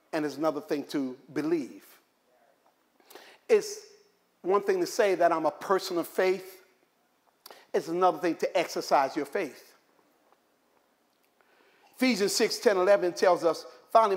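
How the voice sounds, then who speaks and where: A male pastor preaches with a high-pitched voice and animated storytelling. He slips in humorous asides and drives points home through repetition. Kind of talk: sermon.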